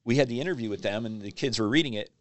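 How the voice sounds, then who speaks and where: Here the same magazine publisher talks at a racing clip with a medium-pitched voice. As a podcast guest in a casual storytelling interview, he brings his anecdotes to life by performing other people's quotes.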